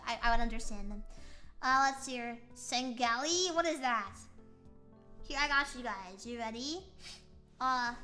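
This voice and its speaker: A woman streamer with a high, bright, keen voice chats casually with her viewers. She rambles in a playful way and jokes about herself. Faint music plays behind her. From United States. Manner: playful, rambling, self-mocking. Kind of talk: casual live-stream chat.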